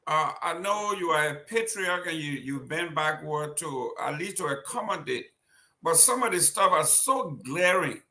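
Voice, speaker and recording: High bright-voiced guy on a panel, really insistent. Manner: emphatic, insistent. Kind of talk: political panel discussion.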